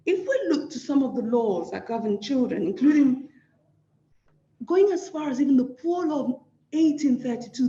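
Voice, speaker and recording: A woman's voice: sits high, warm tone, echoey room, highs cut off. Emphatic Nigerian woman giving a lecture. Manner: emphatic, repeats phrases for stress. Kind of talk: award lecture.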